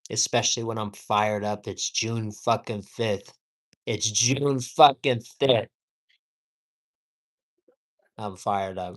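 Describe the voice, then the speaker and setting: A man's voice: fairly low pitch, a bit bright, smooth. A man ranting heatedly and profanely at home during a casual livestream, rambling and repeating himself for emphasis. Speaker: live streamer.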